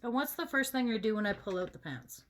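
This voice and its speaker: A woman's voice: on the high side, expressive, fast. A woman vlogger chatting casually while she gets ready, venting in a candid and emphatic way.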